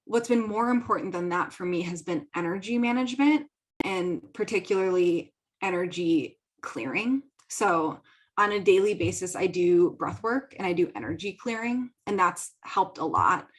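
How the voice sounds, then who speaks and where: A woman's voice: lowish voice, moderate pace, low-quality recording. A young woman from the American Midwest hosting her own podcast, talking casually and giggling between thoughts. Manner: chatty, giggly, filler-heavy. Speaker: podcast host. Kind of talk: casual solo talk. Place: home studio.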